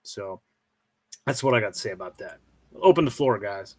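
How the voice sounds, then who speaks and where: A man's voice: fairly low pitch, lively intonation, moderate pace. A man hosting a live stream, ranting in casual chat with blunt, profane language.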